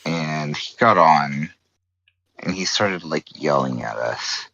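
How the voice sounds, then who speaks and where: Low-voiced rambling man on a stream call. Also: lively intonation, slow, creaky, pushed and bright, no room sound, dull audio. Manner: rambling, full of "like", teasing. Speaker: co-host on a stream. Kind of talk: casual group chat over voice call.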